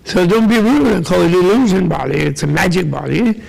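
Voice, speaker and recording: A man's voice: sits high, brisk, creaky, a little mellow, rough recording. An older man giving a casual, joking Buddhist teaching to a live audience, rambling with asides to the listeners.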